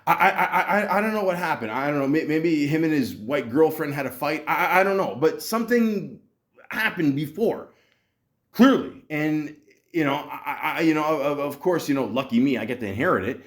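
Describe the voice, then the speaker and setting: Animated, profane male storyteller. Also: a little high, normal speed. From Canada. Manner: animated, profane, stammering restarts, acts out dialogue. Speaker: podcast host. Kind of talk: casual storytelling rant.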